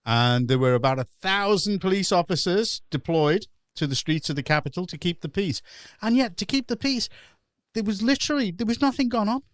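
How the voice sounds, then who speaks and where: A man's voice: sits high, animated, a little fast, dry recording, studio quality. A man hosting a casual satirical chat show, ranting and sarcastic and laughing often. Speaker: pub landlord host. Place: online show.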